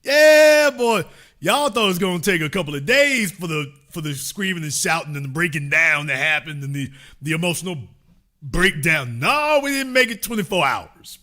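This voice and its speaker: A man's voice: a little high, lively intonation, sharp tone. A man hosting a political commentary show, talking in a folksy, teasing way. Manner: folksy, teasing, drawn-out remarks. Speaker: show host.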